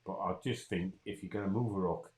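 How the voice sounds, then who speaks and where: A man's voice: sits low, fairly even intonation, brisk, a little mellow. A man with a Geordie accent co-hosting a comedy show, matey and blustery, who keeps repeating his phrases. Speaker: co-host. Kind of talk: comic banter.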